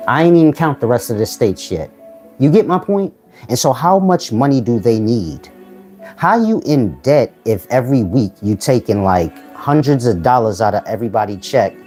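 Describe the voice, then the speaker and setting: A man's voice: mid-range voice, warm tone. A man giving a casual philosophical monologue to his viewers, blunt and full of street slang, firing rhetorical questions. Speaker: channel host giving life advice.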